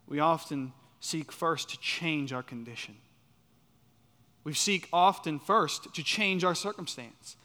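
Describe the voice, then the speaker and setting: A man preaching a sermon, emphatic, repeating key phrases and swinging from loud to soft. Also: a little high, takes it slowly. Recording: reverberant hall.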